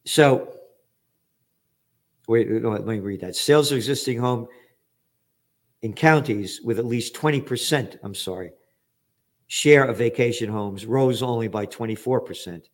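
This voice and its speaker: Older man, news commentary, blunt, sarcastic, profane, emphatic, mid pitch. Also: a little slow, pauses often. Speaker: trends forecaster hosting a news commentary show. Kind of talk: opinionated news commentary, reading headlines.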